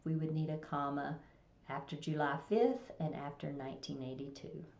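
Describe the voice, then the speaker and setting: A woman's voice: low voice, level tone, normal speed, creaky, darkish tone. A woman teaching a recorded grammar lesson, explaining plainly and reading example sentences aloud. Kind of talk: recorded test-prep lesson. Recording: echoey room, dull lo-fi sound.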